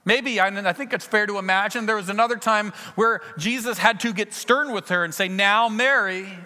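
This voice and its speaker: A man preaching a sermon in a church, retelling scenes with lively acted dialogue. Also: sits high, fairly quick, long reverb tail. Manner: earnest storytelling, acting out scenes with shifts in loudness. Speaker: pastor.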